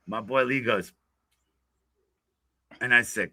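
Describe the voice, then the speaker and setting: A man's voice: medium pitch, slow pace, pauses often, bright, forceful tone, dry recording. A man guest telling a rowdy road-trip story in casual chat, swearing and laughing freely. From Florida. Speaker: blues musician guest.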